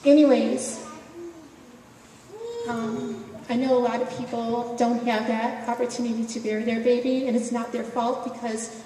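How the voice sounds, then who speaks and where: A woman's voice: fairly high pitch, normal speed, dark tone. A woman giving a personal testimony at an event, emotional and conversational, often laughing between phrases. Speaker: speaker sharing a personal story. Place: event hall. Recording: echoey hall, voice from far off, faint noise.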